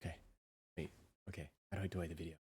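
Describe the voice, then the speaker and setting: Excitable young woman streamer. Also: rumbling low, racing, slightly rough. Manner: excitable, repeats words in bursts. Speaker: livestreamer. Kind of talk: casual livestream chat.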